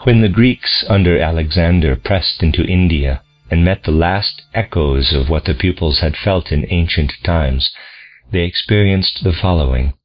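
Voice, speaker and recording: A man reading a lecture aloud in a slow, deliberate, solemn manner, on a dull lo-fi recording. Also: low-pitched. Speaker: audiobook reader.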